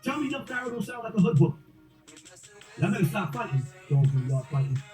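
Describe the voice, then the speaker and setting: A man's voice: high-pitched, very animated, brisk, dark tone. A man delivering a mocking rant and repeating his taunts over and over. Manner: repetitive, taunting. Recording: roomy, distant mic with faint music.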